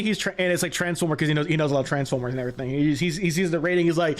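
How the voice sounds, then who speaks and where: Man in his late twenties, let's play commentary, chatty and rambling, slightly higher voice. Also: steady tone, fast talker, faint music behind. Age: late 20s. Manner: rambling and chatty, self-correcting. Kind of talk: casual gameplay commentary.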